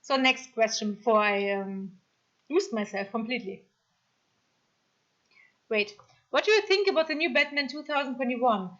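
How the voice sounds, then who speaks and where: High bright German-accented woman streamer. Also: normal speed, pauses often, lo-fi sound. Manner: chatty, reads chat comments aloud, apologetic and excitable. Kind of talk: casual live-stream chat.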